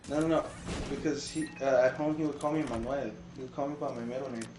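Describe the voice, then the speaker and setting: A man's voice: medium pitch, fairly even intonation, quick pace, echoey room, background noise. A man in his early twenties chatting casually, telling rambling stories and swearing freely. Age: 20s. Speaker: streamer. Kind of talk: casual chat.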